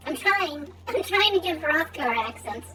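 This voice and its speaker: A woman's voice: extremely high pitch, big pitch swings, slow. A young woman streaming a game, chatting playfully and thinking aloud as she plays. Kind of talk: casual gameplay commentary. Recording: game music behind.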